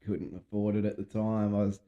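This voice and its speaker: Casting: young Australian guy, warm mellow voice, slightly low, relaxed podcast banter. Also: dull audio. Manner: laid-back, quick to laugh, slangy. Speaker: podcast co-host. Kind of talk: casual chat.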